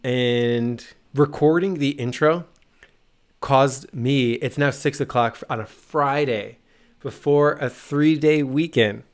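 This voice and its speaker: A man's voice: mid-range voice, slow, clear, resonant tone. A man co-hosting a podcast in casual, upbeat chat, joking around with energy. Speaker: podcast co-host.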